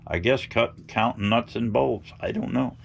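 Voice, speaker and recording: A man's voice: medium pitch, fairly even intonation, normal speed, creaky, lo-fi sound. A middle-aged man telling rambling, folksy stories to his viewers, blunt and opinionated. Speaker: outdoor vlogger.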